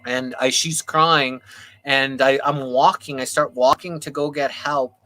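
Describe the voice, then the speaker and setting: Bright-voiced man telling a personal story. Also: mid-range voice, measured pace, poor audio. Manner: animated, voice rising with anger, swears casually. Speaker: panel guest. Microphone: video call.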